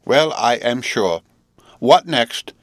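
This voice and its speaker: A man's voice: lowish voice, expressive, normal speed, no echo, natural voice. A sniffy, sanctimonious woman, voiced by a male reader, prim and disdainful. The voice sounds dry and close, as in a storybook reading.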